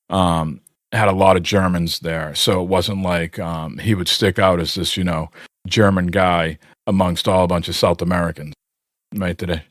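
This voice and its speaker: A man's voice: low voice, no room sound, clean studio sound. A man co-hosting a podcast, telling long rambling stories with lots of fillers. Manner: rambling storyteller, many fillers. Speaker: podcast co-host. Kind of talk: casual chat.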